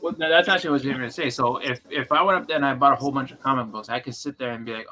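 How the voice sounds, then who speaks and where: Fast, rambling man on a noisy call. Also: medium pitch, steady tone, sharp tone. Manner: rambling, many restarts, acts out little scenes. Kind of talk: casual chat.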